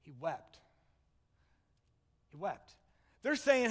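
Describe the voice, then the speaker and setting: A male pastor, high-voiced and speaking at normal speed, preaches with lively stories in which he voices each person. The setting is a church sanctuary, and the recording has long hall reverb.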